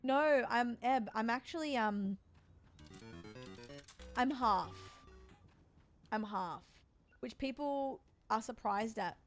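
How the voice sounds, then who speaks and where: A woman's voice: on the high side, slow pace, pauses often, soft background music. An Australian woman in her forties, streaming and chatting casually with her viewers, teasing and joking as she answers chat. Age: 40s.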